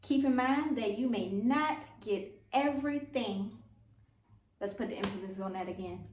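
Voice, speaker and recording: A woman's voice: on the high side, animated, moderate pace, a little mellow, a little hiss or hum. A woman vlogging about buying a first home, giving informal, chatty advice in a self-deprecating way. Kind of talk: casual advice vlog. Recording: echoey room, mic at a distance.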